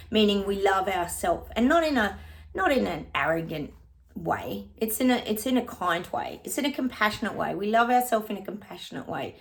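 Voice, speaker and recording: Woman, psychic reading vlog, casual, talks to viewers as guys, mid pitch. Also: lively intonation, a little fast, gravelly. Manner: chatty, keeps addressing viewers as guys; breaks into short bits of song and laughs often.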